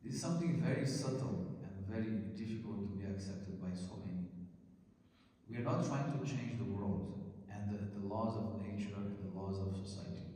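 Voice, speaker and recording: A man's voice: medium pitch, dark tone. A man giving a devotional lecture, telling stories and building to emphatic questions. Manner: storytelling, rising to emphatic questions. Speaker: spiritual teacher. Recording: echoey hall, distant mic.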